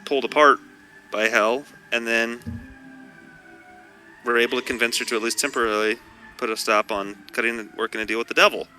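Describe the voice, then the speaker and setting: A man's voice: medium pitch, fairly even intonation, fairly quick, long pauses, bright, forceful tone, soft background music. A man playing a character in a tabletop role-playing game, talking casually and rambling with "like" fillers. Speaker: player.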